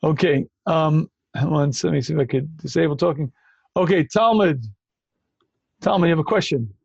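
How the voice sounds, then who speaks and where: A man with a high-set voice hosts a call-in Q&A as a rabbi. He talks emphatically and keeps cutting in with repeated phrases. The audio is dry and dull. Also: moderate pace, gravelly, darkish tone, husky, no room sound. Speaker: rabbi answering callers. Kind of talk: call-in Q&A talk.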